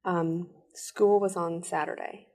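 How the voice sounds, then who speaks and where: A woman giving an earnest personal account in an interview, telling it in rushed bursts. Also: on the low side, fairly even intonation. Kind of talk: personal testimony.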